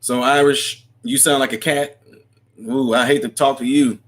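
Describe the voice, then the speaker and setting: A man's voice: mid-range voice, steady tone, moderate pace, a bit bright. Chatty man hosting a live chat. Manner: chatty, laughs often, rambling. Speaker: livestream host. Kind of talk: casual live chat reading comments.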